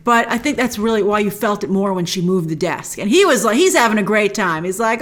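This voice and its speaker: A woman's voice: mid-range voice, lively intonation, brisk, hardly any pauses. A woman hosting a TV episode recap, talking with gushing enthusiasm and retelling scenes in a chatty, casual way. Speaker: host.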